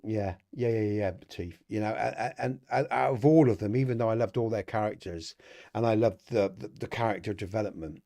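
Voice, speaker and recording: A man's voice: fairly low pitch, a little fast, creaky, dark tone. A middle-aged man hosting a casual livestream podcast, rambling and chatty, laughing often and talking to viewers in the chat. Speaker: podcast host.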